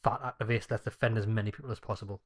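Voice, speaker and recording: A man's voice: fairly low pitch, fairly even intonation, rapid-fire. A man hosting a gaming video, giving blunt, mocking and sweary commentary as he plays. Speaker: gaming channel host.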